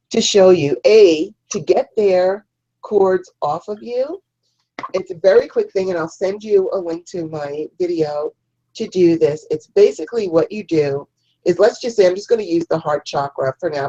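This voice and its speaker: A woman's voice: sits low, mellow, lo-fi sound. A woman hosting a spiritual talk show, teaching listeners step by step about energy work. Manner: instructive, guides listeners through a ritual. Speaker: host.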